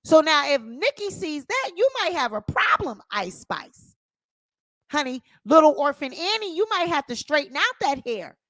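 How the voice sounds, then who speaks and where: A woman's voice: high voice, very animated, normal speed, fairly bright tone, no room sound. A woman hosting her own channel, giving sassy, opinionated celebrity gossip commentary and calling her viewers honey.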